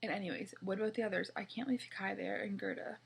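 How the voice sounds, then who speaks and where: A woman's voice: mid-range voice, steady tone, fast talker, vocal fry, slight background noise. A woman reading a children's chapter book aloud in a casual way, now and then stumbling and correcting herself. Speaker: reader.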